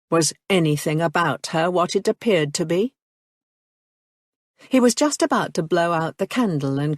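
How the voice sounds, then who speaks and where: A woman narrating an audiobook in a measured, even reading. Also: low voice, no echo, clean studio sound. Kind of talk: scripted narration.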